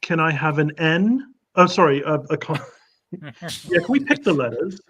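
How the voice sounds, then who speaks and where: Dithering jokey quiz contestant from Cornwall. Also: male voice, a little high, expressive, unhurried, a bit bright, poor audio. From Cornwall, England. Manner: dithering, filler-heavy, jokey. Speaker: quiz contestant, team captain. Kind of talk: casual chat on a call.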